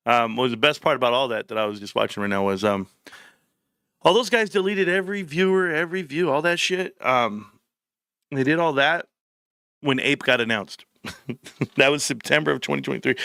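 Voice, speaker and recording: A man's voice: medium pitch, a little fast, creaky, long pauses, sharp tone, no echo, clean studio sound. A man hosting a live stream, reading viewer comments and joking around in loose, profane banter.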